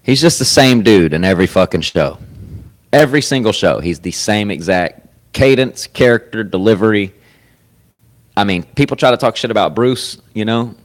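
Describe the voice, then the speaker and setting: Low-voiced man in profane rambling chat. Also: expressive, normal speed. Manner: profane, rambling, swings loud with sudden laughs. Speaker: podcast host. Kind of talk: casual chat. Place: comedy club.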